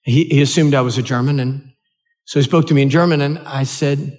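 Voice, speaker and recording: An older man with an American accent, preaching a sermon and telling a personal story in an earnest, halting way, often restarting his words. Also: mid-range voice, steady tone, a little mellow. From United States. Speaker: pastor.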